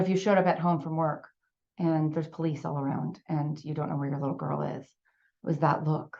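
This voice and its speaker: A woman's voice: lowish voice, darkish tone. Woman telling her story, muffled recording. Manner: talkative, vivid retelling with acted quotes. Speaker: speaker recounting personal story. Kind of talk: emotional personal testimony.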